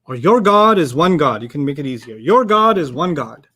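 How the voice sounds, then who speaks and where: A man teaching a classroom lesson in Quranic Arabic, who prompts call-and-response and recites rapidly. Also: on the high side, very animated, bright, forceful tone.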